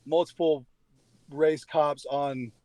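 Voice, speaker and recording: Brief: young man from Louisiana, podcast guest, slightly high voice, measured halting delivery, dry sound. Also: fairly even intonation, darkish tone, no room sound. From Shreveport, Louisiana, US. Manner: measured, halting storyteller with restarts. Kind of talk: casual podcast chat.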